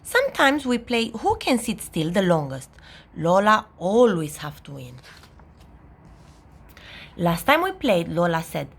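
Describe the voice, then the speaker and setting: A woman reading a children's story aloud in a playful, expressive storytelling manner. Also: lowish voice, unhurried.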